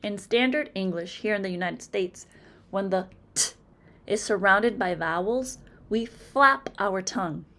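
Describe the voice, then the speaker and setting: A woman teacher with a Massachusetts accent, taking a phonics lesson at an unhurried pace. She is deliberate and clear, over-articulating each example word and pausing after it. Her voice sits in a middle pitch. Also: sharp tone.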